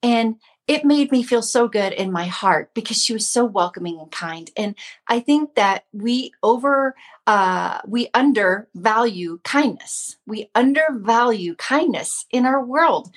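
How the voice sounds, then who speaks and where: A woman's voice: fairly high pitch, animated, unhurried. A woman in her fifties giving a casual devotional talk to her viewers, earnest and chatty, repeating herself often. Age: 50s. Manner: earnest, chatty, with frequent repetition. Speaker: host of a Christian mom channel.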